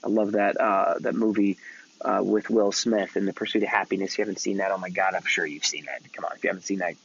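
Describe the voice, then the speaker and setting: A middle-aged man hosting a mentoring podcast, telling a motivational story in a casual, energetic way, swearing freely and repeating himself. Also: low voice, fast talker, creaky, husky, dull audio.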